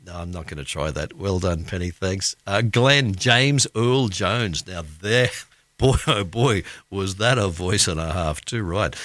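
Chatty radio host, bright voice. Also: male voice, low voice, a little slow, dry recording. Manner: chatty, laughs at himself, reads listener messages. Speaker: radio drive show host. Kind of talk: casual radio chat. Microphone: studio microphone.

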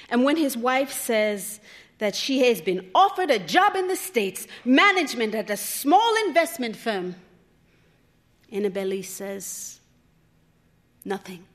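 A woman reading a literary short story aloud on stage, measured, her voice sometimes sinking to a near whisper. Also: medium pitch. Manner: measured, drops softly to near whisper at times. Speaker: reader. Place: live stage performance.

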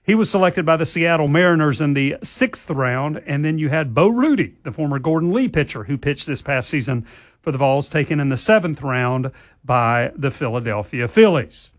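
A man's voice: fairly high pitch, animated, moderate pace, no room sound, clean studio sound. A man hosting a casual sports talk show, reading the headlines and chuckling at his own slips. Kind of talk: casual sports radio chat.

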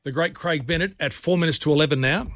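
A man's voice: a little high, fairly bright tone, slight background noise. A man hosting a radio show, upbeat and keeping things moving. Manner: brisk, upbeat. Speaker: radio host.

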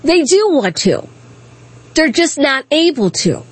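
A woman's voice: high-pitched, very animated, takes it slowly, dry recording. A woman hosting a political talk show, delivering a sarcastic, mocking commentary monologue and laughing at her own jokes.

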